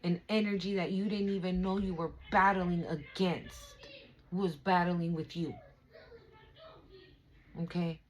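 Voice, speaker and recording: A woman's voice: on the low side, steady tone, a little slow, pauses often, poor audio. A young woman giving a casual spiritual tarot reading, emphatic, emotional and profane, talking straight to her viewers. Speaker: tarot reader.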